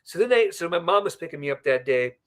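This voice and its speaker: A man's voice: fairly high pitch, animated, fast talker, a bit bright. A man, a podcast guest, telling a personal story in a casual, rambling way, often checking in with a "right?". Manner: often ends remarks with a questioning "right?"; chatty, rambling with asides.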